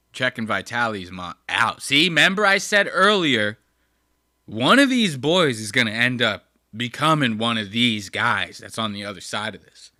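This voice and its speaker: A man hosting a casual live stream, mocking a clip with crude, animated commentary. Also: mid-range voice, dry recording, studio quality. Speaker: host.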